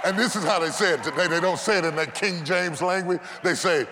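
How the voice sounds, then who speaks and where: A man preaching a dramatic sermon, building to shouted climaxes and calling out to the congregation. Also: sits high, a little fast, crowd noise. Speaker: pastor. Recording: live church with organ and congregation.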